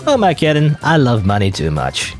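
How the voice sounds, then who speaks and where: A man's voice: medium pitch, big pitch swings, fairly quick, darkish tone, soft background music. A man voicing a boastful banker in a cowboy costume, drawling in a folksy way.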